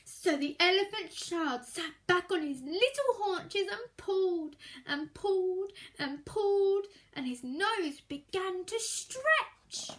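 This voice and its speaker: Expressive woman reading a children's story. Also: high-pitched. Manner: expressive, explains words for children. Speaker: storytime reader.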